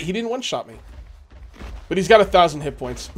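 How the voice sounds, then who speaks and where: A man's voice: sits high, big pitch swings, a little fast, pauses often. A man hosting a let's play, talking through his gameplay in a rambling, casual way with lots of fillers. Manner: rambling, filler-heavy, chatty.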